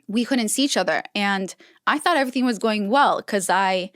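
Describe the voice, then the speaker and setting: A woman's voice: medium pitch, normal speed, no room sound, clean studio sound. A young adult woman, a podcast guest, telling personal stories in casual chat and acting out the dialogue. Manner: storytelling, acting out quoted dialogue.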